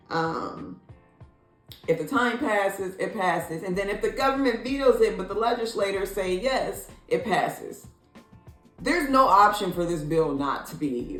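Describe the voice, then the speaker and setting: A woman vlogger from Illinois giving casual opinion commentary, sassy and expressive, leaping up in pitch when she is incredulous. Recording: echoey room, faint music.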